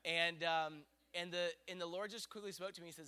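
A middle-aged man preaching, telling a story in an animated, excitable way. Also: high voice, fairly quick, hardly any pauses. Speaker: pastor. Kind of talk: sermon storytelling.

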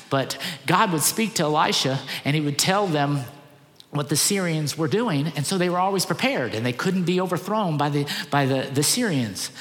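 Delivering a sermon in a large hall, this pastor speaks with earnest emphasis and keeps circling back to key phrases. His voice sits a little high and carries a fairly bright tone.

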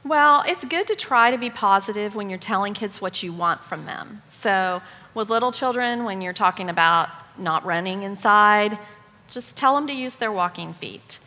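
A middle-aged woman gives steady, practical parenting advice at a church class. Her voice is bright and clear at a middle pitch. A long reverb from the hall hangs on her words. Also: normal speed. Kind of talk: calm instructional talk.

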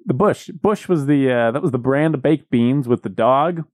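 A man's voice: mid-range voice, normal speed, a little mellow, dry recording, clean studio sound. A young man co-hosting a podcast in casual chat, wry and teasing, laughing easily. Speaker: podcast co-host.

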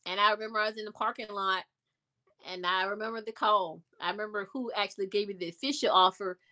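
A woman telling a story in a casual interview, animated and acting out the voices of people she quotes. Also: medium pitch, fast talker. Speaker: interview guest.

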